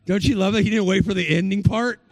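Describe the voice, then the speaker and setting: Gravelly storytelling preacher man. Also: sits high, fast talker, no echo. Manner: storytelling, acts out the people he quotes. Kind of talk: sermon.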